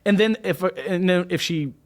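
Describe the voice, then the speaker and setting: A man's voice: sits high, a little fast. A young man co-hosting a casual podcast chat, emphatic and jokey, and often jumping in. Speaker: podcast co-host.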